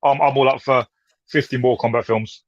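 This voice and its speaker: A man's voice: medium pitch, fairly even intonation, normal speed, dry recording, lo-fi sound. A man from England chatting as a stream guest, enthusiastic and stumbling over restarts. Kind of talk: casual chat.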